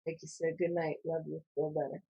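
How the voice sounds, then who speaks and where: A woman who is sick with a sore throat talks quietly on a home podcast. Her voice is dark, husky and flat as she signs off and reads comments. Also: sits low, fairly quick, dull audio. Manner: quiet, subdued. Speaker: podcast co-host. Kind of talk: casual chat reading comments.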